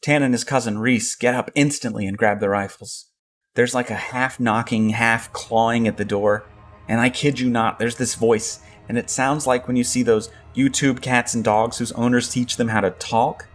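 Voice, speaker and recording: A man reading a first-person horror story aloud in a steady storytelling tone. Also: medium pitch, moderate pace, faint music behind. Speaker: narrator. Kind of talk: scripted narration of a horror story.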